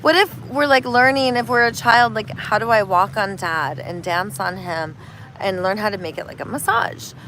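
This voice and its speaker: Bright-voiced woman telling stories. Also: medium pitch, moderate pace, a little hiss or hum, low-quality recording. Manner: animated storytelling, acting out voices. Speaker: spiritual healer. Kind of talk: casual street conversation.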